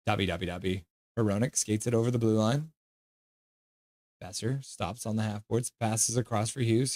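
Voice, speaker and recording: Male streamer, casual live reaction host, reads viewer comments and calls the action loosely. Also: medium pitch. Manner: reads viewer chat aloud by name, mixed with loose play-by-play.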